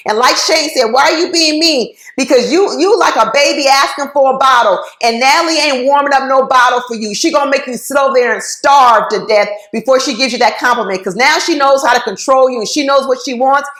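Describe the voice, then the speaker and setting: Woman, high voice, outspoken reality TV reviewer, casual and blunt, recorded in a roomy space. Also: fairly quick, hardly any pauses, fairly bright tone. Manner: blunt, talks straight to the cast members; informal, folksy phrasing. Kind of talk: casual opinionated commentary. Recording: roomy echo.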